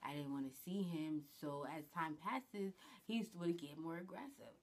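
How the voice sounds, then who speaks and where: A woman's voice: low-pitched, normal speed. A woman vlogger telling a personal story in a casual, blunt, slangy way, swearing often. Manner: blunt, slangy, swears a lot, animated retelling.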